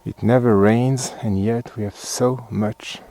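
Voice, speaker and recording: A man's voice: lowish voice, steady tone, takes it slowly, vocal fry, mellow, low-quality recording. A man from France with a French accent, chatting casually as he films a hiking trail outdoors in the cold, slightly out of breath and muttering asides as he walks. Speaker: hiking vlogger. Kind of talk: casual walking commentary.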